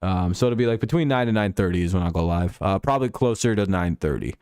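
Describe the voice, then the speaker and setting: A man hosts a casual live stream, joking and swearing freely. His voice sits low and comes through smooth and clean. The sound is dry and close, with no room around it. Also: expressive, fast talker, a little mellow, no room sound. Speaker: streamer hosting a football talk stream.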